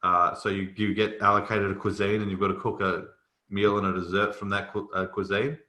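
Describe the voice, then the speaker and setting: A man's voice: low-pitched, level tone, a little fast, bright, forceful tone, reverberant. A man with an Australian accent, co-hosting a podcast in casual, blunt and opinionated banter. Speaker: podcast co-host. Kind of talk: casual chat.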